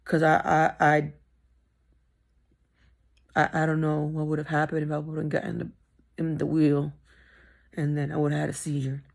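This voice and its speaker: A woman's voice: low voice, monotone, moderate pace, creaky, long pauses, darkish tone. A middle-aged woman telling a personal story in a vlog, candid and emphatic, repeating phrases for stress. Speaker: vlogger.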